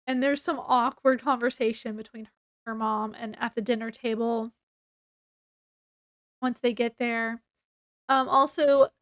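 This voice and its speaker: Woman book reviewer, high voice, unhurried, chatty with fillers, dry close sound. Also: dry recording. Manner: chatty, many fillers, acts out quotes. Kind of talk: casual book review retelling.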